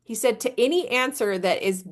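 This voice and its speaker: Middle-aged woman, live-stream host, casual, filler-heavy, playful. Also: normal speed. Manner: chatty, filler-heavy, jumps up high when demonstrating energy.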